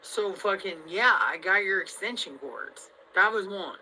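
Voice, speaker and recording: A woman vlogger venting to her viewers in a rambling, heavily profane monologue that swings between loud outbursts and low mutters. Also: animated, unhurried, a little hiss or hum, poor audio.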